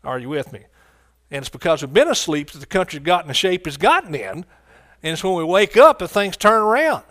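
Emphatic male preacher from the US, slightly high voice, repeats lines, calls to the crowd. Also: animated, brisk, fairly bright tone. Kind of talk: sermon.

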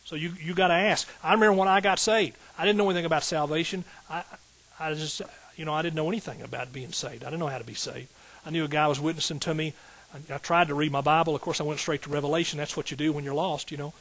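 A middle-aged man preaching a sermon from the pulpit. His voice sits a little high for a man, and he drives his points hard, calling out to the congregation and swelling into sudden bursts. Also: fairly even intonation, fast talker, few pauses, fairly bright tone, rough recording. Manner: emphatic, call-and-response preaching with rising outbursts. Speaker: pastor.

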